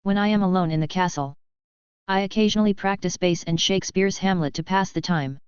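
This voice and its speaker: Clever young boy wizard, read by a woman, coaxing innocent manner, lowish pitch, dry sound. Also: brisk, clear, resonant tone, no room sound, close to an everyday voice. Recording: dull, lo-fi, dry.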